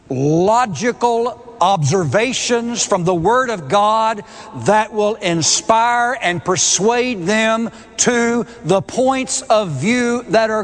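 A man preaching a sermon, emphatic and deliberate, hammering home key words by repeating them. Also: sits high. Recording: long reverb of a large hall.

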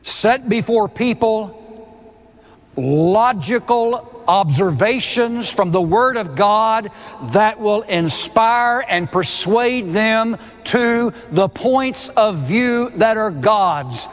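A man's voice: sits high, expressive, very slow, long reverb tail. A man preaching a sermon, emphatic and repeating key words with rising force.

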